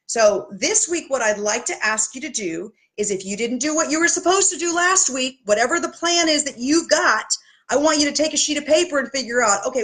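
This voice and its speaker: A woman health coach talking straight to camera, giving blunt, tough-love motivational advice with chatty asides. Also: fairly high pitch. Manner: chatty, with asides and self-corrections.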